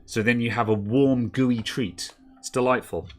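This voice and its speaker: A man's voice: mid-range voice, steady tone, moderate pace. A man co-hosting a casual tech stream, chatting and rambling while testing hardware, often correcting himself and laughing easily. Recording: faint crackling noise.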